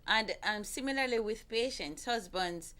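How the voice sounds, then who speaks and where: A woman's voice: a little high, expressive, moderate pace. A woman hosting a family talk show, earnestly coaching couples on how to speak to each other. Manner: earnest, gentle, repeats herself while coaching. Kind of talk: casual advice talk.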